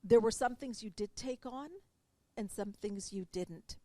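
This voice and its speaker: Woman hosting a warm-paced interview. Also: mid-range voice, unhurried, dry recording. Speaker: interviewer and coach. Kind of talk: interview conversation.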